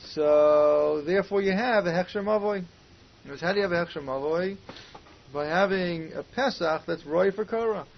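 A man with a high, creaky voice speaks at a moderate pace as he leads a Talmud class. He questions and reasons aloud, using Hebrew and Aramaic terms, and the recording is muffled and lo-fi with a faint hiss.

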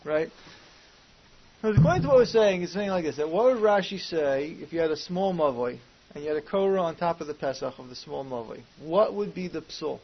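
Animated and a little fast, this man's slightly high voice carries a Talmud lesson in which he poses questions and reasons aloud using Hebrew and Aramaic terms. Faint hiss runs under the muffled, lo-fi audio.

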